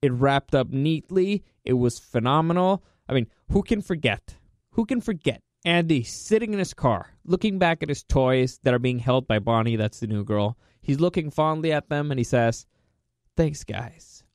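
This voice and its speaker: Excitable man hosting a film review. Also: medium pitch, normal speed, dry recording, clean studio sound. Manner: excitable, repeats himself for emphasis. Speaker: movie review host. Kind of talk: casual spoken film review.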